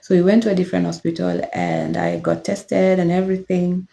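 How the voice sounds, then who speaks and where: With a lowish voice full of vocal fry, a young woman talks fairly quickly and very animatedly. She's a vlogger sharing her personal testimony, recounting her life candidly and reflectively in a casual tone, with soft laughs and fillers.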